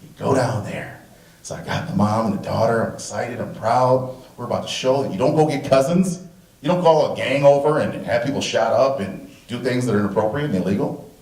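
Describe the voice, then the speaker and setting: A man telling a personal story live on stage, animated and acting out the dialogue. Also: medium pitch, fairly quick. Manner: animated, acts out the dialogue and laughs at himself. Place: stage at a museum event hall. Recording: roomy hall, distant mic.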